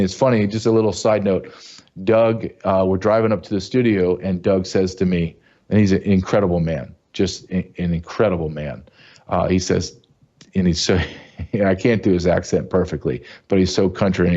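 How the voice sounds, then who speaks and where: A man's voice: deep voice, dark tone, dull audio. A man hosting an online talk show, speaking emphatically in a monologue and ad read, often repeating words as he goes.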